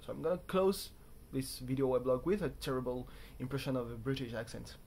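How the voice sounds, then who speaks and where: A man's voice: mid-range voice, steady tone, a little fast, creaky, a little mellow, slight background noise. A young man talking to camera from a hotel room in a casual, rambling vlog, chatty and self-mocking as he wanders off on tangents. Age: young adult. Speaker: vlogger.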